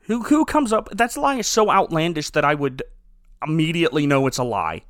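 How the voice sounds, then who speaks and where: A man hosting a podcast in casual chat, animated and incredulous, laughing often. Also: fairly high pitch, fairly quick, no room sound, clean studio sound. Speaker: podcast host.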